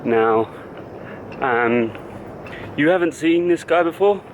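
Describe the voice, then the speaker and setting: A man's voice: fairly high pitch, expressive, takes it slowly, poor audio. Man vlogging over background traffic noise. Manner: explanatory, talks in loose stop-start phrases. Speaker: fitness coach and vlogger. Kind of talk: casual vlog talk to camera.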